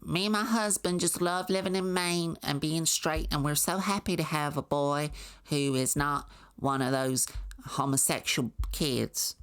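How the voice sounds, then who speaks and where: A woman's voice: low voice, a little slow, smooth, voice pushed up. A woman putting on the voice of a cheery, naive small-town mother who dotes on her son. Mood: doting, cheery. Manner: sugary, doting, oblivious.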